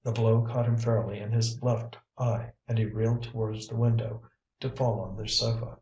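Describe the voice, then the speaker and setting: A man narrating an audiobook in an even, measured reading. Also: lowish voice, muffled recording. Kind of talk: scripted narration. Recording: roomy, distant mic.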